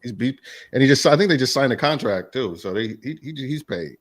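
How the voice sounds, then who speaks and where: A man from Oakland, now living in Texas, chatting casually on a podcast, talking in halting starts with lots of repeated words and fillers. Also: medium pitch, lively intonation, dry recording, studio quality. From Oakland, California. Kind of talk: casual chat. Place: lives in Texas.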